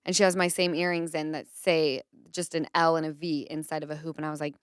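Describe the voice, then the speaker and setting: Smooth-voiced woman podcast host. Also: sits low, fast, dry recording, studio quality. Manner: animated storytelling with acted quotes. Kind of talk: casual chat.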